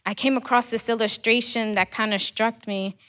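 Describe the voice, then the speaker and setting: A woman's voice: on the high side, steady tone, moderate pace, a bit bright. A woman preacher delivering a sermon, asking rhetorical questions and repeating key words for emphasis.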